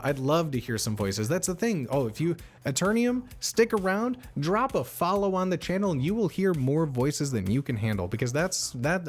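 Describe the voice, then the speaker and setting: A young man live-streaming, chatting casually with viewers as a game master, rambling and enthusiastic, swearing freely. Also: fairly high pitch.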